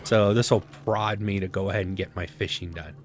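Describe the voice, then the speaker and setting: A man's voice: low voice, fairly even intonation, fairly quick, slight background noise. A man casually commenting on his own survival gameplay, rambling to himself with sarcastic asides. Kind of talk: casual let's-play commentary.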